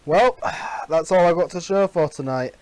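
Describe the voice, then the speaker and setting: A man's voice: a little high, moderate pace, heavy background noise. Casual male reaction-video host.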